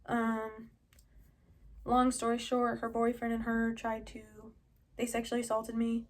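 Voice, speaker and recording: A woman's voice: fairly high pitch, monotone, measured pace. A young adult woman vlogging from her home, telling a personal story in a rambling, casual way, full of "like" and "um". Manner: rambling, heavy use of "like" and "um", with short laughs.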